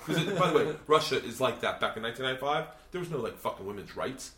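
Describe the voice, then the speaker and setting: A man's voice: medium pitch, expressive, rapid-fire, few pauses, sharp tone, roomy sound. A man telling a long, profane story casually in a hotel room, laughing often and acting out the people he quotes. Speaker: podcast host and comedian.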